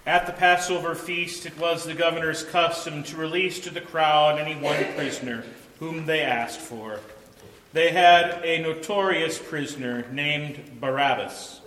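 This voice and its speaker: A man narrating a scripture passage in a measured, solemn liturgical reading. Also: a little high, steady tone, fairly bright tone. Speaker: scripture reader. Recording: reverberant church.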